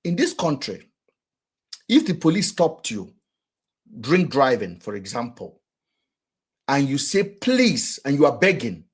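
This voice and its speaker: A man with a Nigerian accent giving casual, rhetorical commentary in a husky voice. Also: mid-range voice, a little slow, pauses often. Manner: animated, rhetorical, acts out quotes. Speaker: vlogger and commentator.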